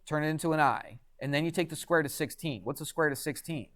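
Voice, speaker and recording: A man's voice: fairly high pitch, fast, a bit bright. A man teaching a math class in a classroom, chatty and quizzing students with frequent questions. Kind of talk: classroom lecture.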